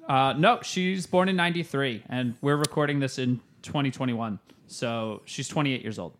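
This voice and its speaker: A man's voice: mid-range voice, normal speed, slight background noise. Joking male podcast co-host. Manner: joking, rambling storyteller. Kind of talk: casual comedic podcast chat.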